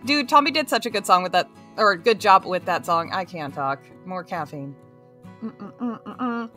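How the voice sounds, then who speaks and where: A woman's voice: mid-range voice, expressive, a little slow, bright, forceful tone, faint music behind. A woman hosting a casual crochet live stream, bubbly and giggly, greeting her chat one by one.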